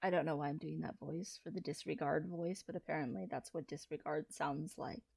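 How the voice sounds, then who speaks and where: A trans man in his thirties, talking through a personal confessional vlog in a low-key, hesitant way with frequent restarts. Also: steady tone, fairly quick, gravelly, a little mellow, slightly rough, no room sound. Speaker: vlogger.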